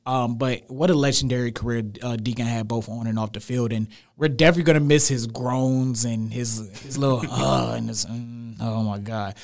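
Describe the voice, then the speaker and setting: A young man talks sports as a podcast guest in a studio. His voice sits at an ordinary, mid-range pitch. He speaks emphatically and animatedly, leaning on repetition to drive his points home. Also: moderate pace, gravelly, few pauses. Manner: emphatic, animated, repeats phrases for weight. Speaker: podcast guest, radio show host. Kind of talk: casual sports chat.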